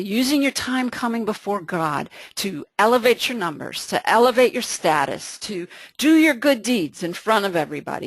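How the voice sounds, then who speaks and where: Lively woman leading a Bible study. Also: fairly high pitch, no room sound. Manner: lively, conversational, frequent restarts. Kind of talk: casual Bible study talk.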